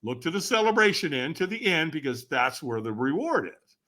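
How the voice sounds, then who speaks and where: A man who is a guest on a podcast, telling a story dramatically and acting out the voices and shouts of the people in it. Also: on the high side, very animated, a little fast. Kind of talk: animated storytelling.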